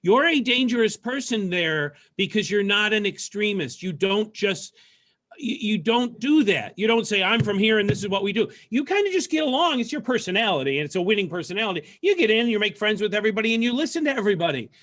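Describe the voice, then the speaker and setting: A man with a notably high voice hosts a casual civic interview over a video call. He talks earnestly, musing aloud and letting sentences trail off softly. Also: sing-song, a little fast. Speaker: talk show host.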